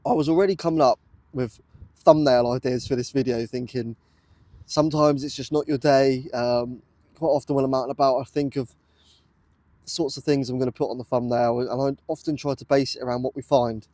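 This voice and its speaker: Talking to viewers as he metal detects in a muddy British field, this man is awestruck and short of breath, repeating exclamations in excitement. His mid-range, mellow voice moves fairly quickly with fairly even intonation; the tripod camera picks up no room sound.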